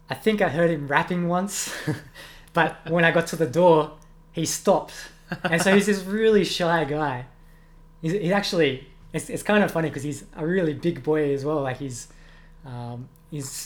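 A young man, a music teacher giving earnest, reflective interview answers with many ums. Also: a little high. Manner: earnest, reflective, with frequent ums and self-corrections.

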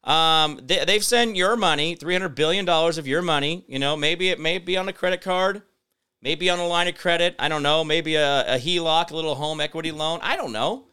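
A man's voice: a little high, brisk, pushed and bright, clear, resonant tone. Sarcastic rambling man hosting commentary. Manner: sarcastic, rambling, mock-innocent asides. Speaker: host. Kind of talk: solo political commentary.

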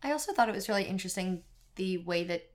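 A woman's voice: mid-range voice, expressive, fast. A woman in a casual book discussion, easygoing and rambling, with plenty of fillers.

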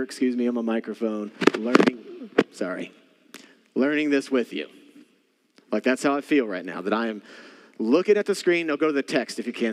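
A male pastor preaching a sermon, telling a story with animation and speaking straight to his congregation. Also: mid-range voice. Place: church sanctuary. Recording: church hall with long reverb.

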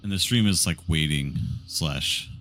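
A man's voice: extremely low pitch, unhurried, fairly bright tone. A man playing a tabletop game, asking careful, hesitant questions about the scene. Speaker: player. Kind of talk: casual tabletop play.

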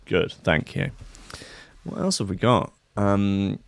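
A man's voice: on the low side, a little slow, dry recording, clean studio sound. A man giving sarcastic, mocking commentary on news stories. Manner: deadpan, mocking rant.

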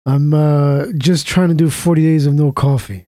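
A man's voice: a little high, fairly even intonation, moderate pace, dark tone, no room sound, studio quality. A man hosting an internet radio show, sharing his opinions in casual conversation and often checking in with "right?".

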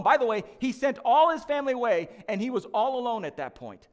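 A man's voice: extremely high pitch, big pitch swings, brisk, in a large hall. A man preaching a sermon as lead pastor, conversational and emphatic, with joking asides to the church.

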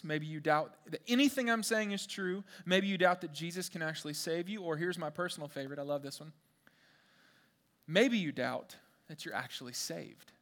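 Young guy preaching, high bright voice, chatty, keeps asking the crowd stuff. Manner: animated, conversational preaching with questions to the crowd. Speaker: pastor. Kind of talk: sermon.

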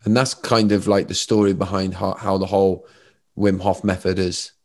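A man, telling lively stories as a podcast guest. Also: sits low, moderate pace. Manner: animated storyteller, lots of fillers. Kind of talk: casual chat.

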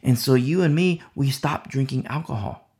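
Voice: mid-range voice, normal speed, a little mellow. A Bible teacher giving an informal, conversational talk to a home fellowship, rambling with many asides and restarts.

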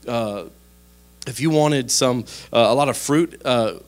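Pastor guy preaching, chatty and folksy, gets loud and animated telling stories. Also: medium pitch, a little slow. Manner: conversational, folksy storytelling with animated outbursts. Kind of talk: sermon.

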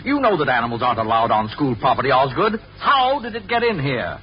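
A man's voice: medium pitch, sing-song, fairly quick, natural voice. An actor playing a stern, pompous male school principal in a 1950s radio sitcom, blustery and commanding. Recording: dull old radio recording with hiss.

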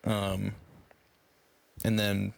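A man's voice: lowish voice, completely flat delivery, drawn-out words, creaky, no echo. A man hosting a casual podcast chat, rambling with many fillers. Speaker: podcast host and editor.

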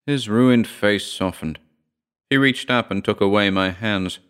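Male audiobook narrator, very low and smooth, measured first-person horror reading. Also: a bit bright.

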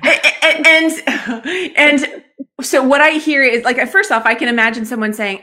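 A woman's voice: sits high, steady tone, a little slow, sharp tone. A woman hosting a casual live-stream interview, upbeat and encouraging, greeting viewers. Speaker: host of a live show.

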